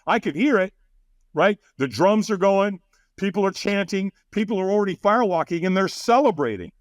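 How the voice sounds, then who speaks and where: This podcast guest has a high voice and a moderate pace, recorded with clean studio sound and no echo. Mid-conversation he tells an animated story, mimicking what other people said and breaking into frequent laughter.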